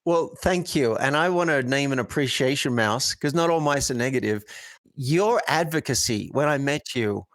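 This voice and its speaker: A man's voice: mid-range voice, normal speed, fairly bright tone, no echo. A man coaching guest in an interview, telling stories earnestly and acting out example phrasings. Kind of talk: conversational interview.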